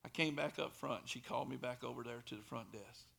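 A man preaching a sermon in a church, telling a story and building to shouted pleas. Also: medium pitch, quick pace, vocal fry. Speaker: pastor.

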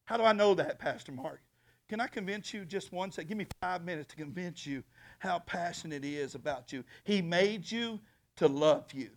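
A man preaching a sermon as pastor in a church, emphatic, swinging from soft talk to shouting. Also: high-pitched, expressive, moderate pace.

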